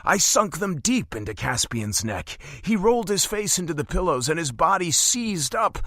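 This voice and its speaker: A man reading first-person romance narration for an audiobook, with an intimate, expressive delivery. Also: a little high, moderate pace, no room sound, studio quality.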